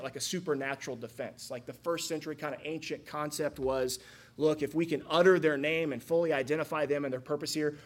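A man preaching from the pulpit, his voice slightly husky and sitting a bit high for a man. He keeps tossing rhetorical questions at the congregation and pushes hard on his main points. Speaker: pastor. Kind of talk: sermon.

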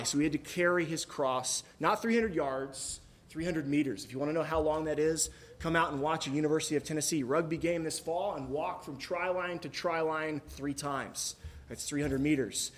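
Conversational pastor, fairly high male voice. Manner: conversational, joking asides, some fillers. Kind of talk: sermon with scripture reading. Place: church.

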